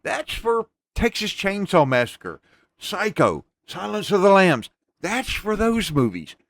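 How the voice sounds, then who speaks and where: Emphatic ranting man with a lively voice. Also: sits high, measured pace, dry recording. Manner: emphatic, ranting, swears freely; addresses listeners as folks. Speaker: podcast host. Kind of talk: casual chat.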